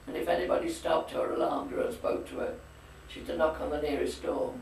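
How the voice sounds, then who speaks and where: This older woman's low, darkish voice moves at a fairly quick clip as she chats about the past for an interview. She's an opinionated, talkative storyteller, heard through a distant camcorder mic in an echoey room with slight hiss or hum.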